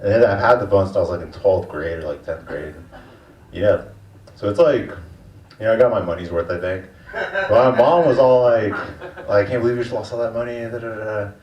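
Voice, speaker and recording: Deep-voiced young comic, crude and slangy. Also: male voice, moderate pace, long pauses. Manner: laid-back, crude, slangy delivery. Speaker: stand-up comedian. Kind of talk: stand-up comedy set. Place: comedy club stage. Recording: dull, distant, echoey club recording.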